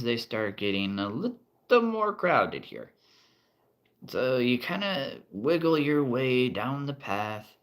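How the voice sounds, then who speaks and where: A man running a tabletop role-play game as game master, playful and quick to chuckle as he addresses his players. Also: lowish voice, a bit bright.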